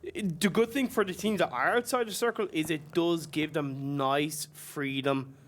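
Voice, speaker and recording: A fairly high-voiced man provides colour commentary for an esports match. He works through strategy in an analytical way, chatty and full of small fillers. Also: normal speed. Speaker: esports co-caster.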